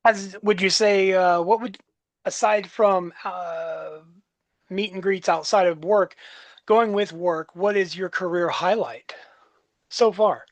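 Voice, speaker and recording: High-voiced man slowly asking questions. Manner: halting questions with fillers and restarts. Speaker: podcast host. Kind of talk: casual interview.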